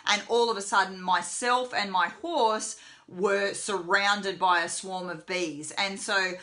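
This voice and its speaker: Bright-voiced woman teaching horsemanship. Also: medium pitch, steady tone, measured pace. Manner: chatty, many fillers, voices the horse's thoughts. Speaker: horsemanship trainer. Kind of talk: live web lesson, casual teaching.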